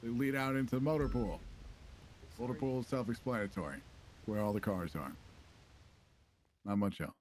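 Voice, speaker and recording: A man's voice: mid-range voice, normal speed, long pauses, a crowd in the background. A man playing a police trainer, explaining rooms in a casual, instructive role-play walkthrough. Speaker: police trainer giving a station tour.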